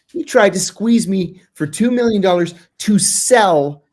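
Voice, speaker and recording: Animated middle-aged man telling a story. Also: unhurried. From United States. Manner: animated, acts out quoted dialogue with sudden pitch jumps. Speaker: guest, former intelligence officer. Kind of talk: casual storytelling in an interview.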